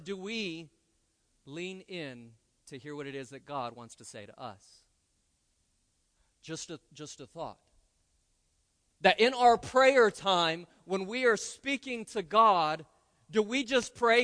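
A male pastor with a notably high voice delivers a conversational sermon full of playful asides. The sound carries a long reverb from the church sanctuary. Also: big pitch swings, slow, bright, forceful tone.

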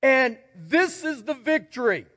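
Preaching in a church sanctuary with long hall reverb, this male pastor has a very high, fairly bright, sing-song voice and speaks a little slowly. His sermon is folksy and emphatic, full of stories and repeated key words.

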